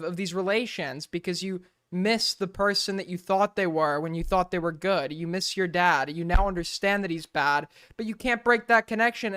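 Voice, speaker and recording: Smooth-voiced man giving blunt commentary. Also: sits high, pushed and bright. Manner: blunt, profane and critical. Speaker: streamer reacting to a clip. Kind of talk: live reaction commentary.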